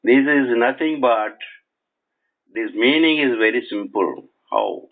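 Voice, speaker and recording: A man giving a spiritual lecture while lying in bed, speaking slowly and deliberately and repeating and spelling out words, recorded on a cell phone resting on his chest. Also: mid-range voice, lively intonation, narrow, tinny audio. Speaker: spiritual teacher. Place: bedroom at night.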